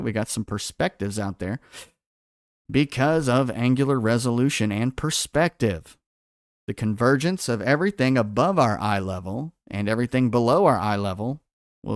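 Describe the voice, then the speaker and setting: A man's voice: mid-range voice, no echo. Give me a man hosting a livestream quiz, asking his viewers questions and reading their replies, in a dry, close recording. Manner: quizzes viewers and reads out chat answers. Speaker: livestream host. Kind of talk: quiz-style livestream chat.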